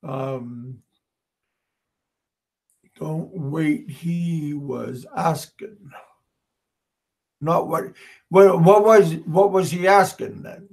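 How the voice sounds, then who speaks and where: Slow, halting man chatting on a livestream. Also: on the high side, gravelly, a little mellow. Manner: halting, repeats words and restarts often; slow, chuckling, talks back to chat. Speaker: livestream host. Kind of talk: casual livestream chat reading viewer comments.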